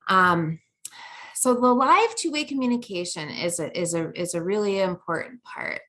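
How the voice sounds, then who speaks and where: Middle-aged woman trainer, low-pitched, talks through a presentation loosely with lots of "um"s. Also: fairly bright tone. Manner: conversational, many fillers and restarts.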